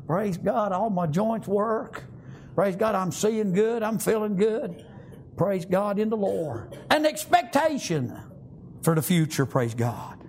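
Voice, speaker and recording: A man's voice: high voice, a little mellow, a little hiss or hum. An older man preaching a fervent sermon, repeating praise God and amen in folksy phrasing.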